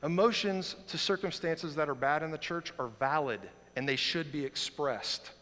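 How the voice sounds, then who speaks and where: Male pastor, 30s, high bright voice, fiery sermon delivery, big church hall echo. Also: normal speed. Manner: impassioned, swings from quiet to loud outrage. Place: church sanctuary. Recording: long reverb of a large hall.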